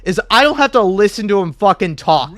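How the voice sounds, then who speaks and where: A man's voice: high voice, big pitch swings, brisk, a bit bright. A drunk young man ranting about a game, profane, rambling and combative. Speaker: gaming video creator.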